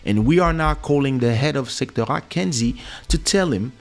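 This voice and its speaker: A man's voice: mid-range voice, lively intonation, normal speed. A man hosting a podcast, telling a story casually and acting out other people's lines with big jumps in his voice, on a studio mic. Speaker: podcast host.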